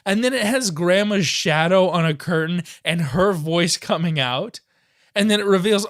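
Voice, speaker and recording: A man co-hosting a podcast, excitedly retelling a movie in casual chat, laughing often. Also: high voice, unhurried. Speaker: podcast co-host. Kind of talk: casual film review chat.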